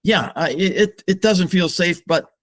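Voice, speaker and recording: An older man, a psychologist guest on a podcast, speaking slowly and reflectively with open emotion. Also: sits high. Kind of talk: podcast interview.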